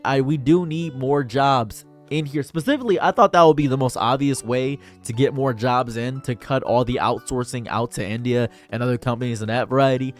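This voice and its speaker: A man's voice: medium pitch, brisk, hardly any pauses, soft background music. A young man doing sarcastic, exasperated commentary as a streamer, ranting about a pet peeve.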